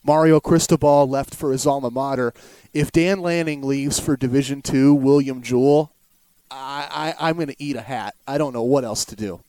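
A man's voice: medium pitch, moderate pace, dark tone, no echo. A man hosting a casual sports podcast, talking in a conversational, sometimes hesitant way. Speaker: podcast host.

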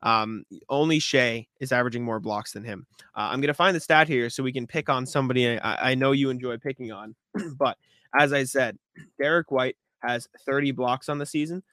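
Uomo che parla di sport, suono asciutto. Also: male voice, medium pitch, a bit bright, no room sound, clean studio sound. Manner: rapid, rambling, repeats words and clears throat. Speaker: podcast co-host and sportswriter. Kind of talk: casual sports chat.

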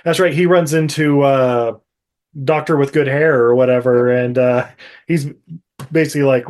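A man casually recapping a movie on a podcast, laughing often and mocking the characters in quick put-on quotes. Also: medium pitch, darkish tone. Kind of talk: casual chat.

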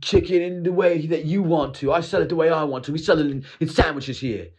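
A man's voice: on the high side, fairly quick, a little mellow, breathy edge, pitched above the performer's own voice. A man voicing an angry British shop owner who defends his store and insists on repeating himself. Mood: indignant.

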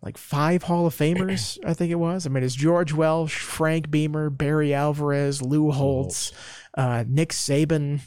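A man talking casually on a podcast as a sports reporter, telling stories with quick asides. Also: on the high side, fairly even intonation, darkish tone, smooth, no room sound. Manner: chatty storyteller, quick asides.

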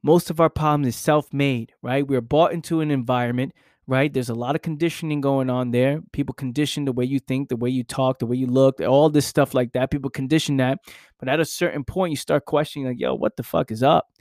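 This young adult motivational speaker sounds steady and a little mellow, his medium-pitched voice moving a little fast as he hammers out a profane, intense monologue. Repetition and rhetorical questions run throughout, and the recording is clean studio sound with no echo.

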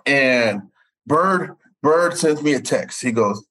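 A man in his forties, a sportswriter, telling stories in an animated way and tripping over repeated words. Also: takes it slowly, rough recording. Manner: animated, repeats words, jumps up in pitch for quoted voices. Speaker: sportswriter guest. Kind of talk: storytelling in conversation.

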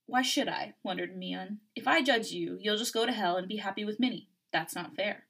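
A woman reading a fan fiction story aloud on a podcast, giving the characters' lines a lively, acted lilt. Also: medium pitch, moderate pace, hardly any pauses. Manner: lively, acts out dialogue, laughs often.

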